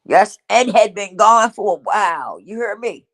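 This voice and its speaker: A woman's voice: mid-range voice, animated, unhurried. A middle-aged woman hosting her own show, telling a personal story in an emotional, repetitive way and speaking straight to her listeners. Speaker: host.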